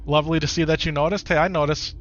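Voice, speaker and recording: A man with a Wisconsin accent streams a video game live, giving gameplay commentary while reading chat, talking easily with viewers and often repeating his own phrases. His voice is fairly high and steady in tone, and he talks fast. The recording is muffled, with faint music behind him.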